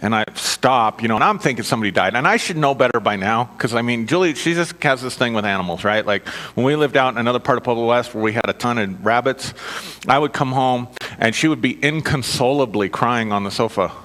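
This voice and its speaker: A man's voice: medium pitch, expressive, fast talker, fairly bright tone. A middle-aged man giving a conversational sermon built on personal stories, chatty and self-mocking, often checking in with his listeners. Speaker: minister. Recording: long reverb of a hall.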